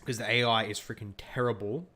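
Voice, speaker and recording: A man's voice: on the low side, steady tone, brisk, sharp tone. A young Australian man chatting casually while streaming a strategy game, laughing often and answering his chat. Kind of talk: casual gameplay commentary with chat.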